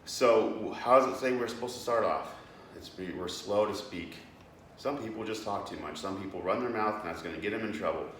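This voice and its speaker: Man, very low voice, earnest devotional talk, echoey room, a little off-mic with faint background noise. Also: a little fast, fairly bright tone, far from the mic. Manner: earnest, plain-spoken, with many fillers and restarts. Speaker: fitness and devotional host.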